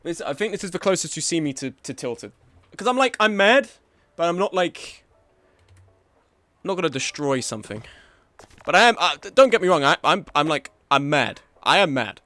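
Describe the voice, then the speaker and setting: A man's voice: a little high, very animated, normal speed, pushed and bright, no room sound. Swearing, tilted young man streaming a game. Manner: frustrated, swearing, swings between muttering and outbursts. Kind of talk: live game stream commentary.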